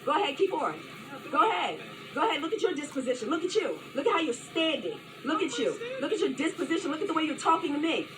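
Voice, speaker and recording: A woman's voice: sits high, big pitch swings, fast. A woman confronting police officers in a heated street argument, defiant and profane, repeating her points. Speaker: citizen filming a police stop. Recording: distant voice with crowd and loud noise.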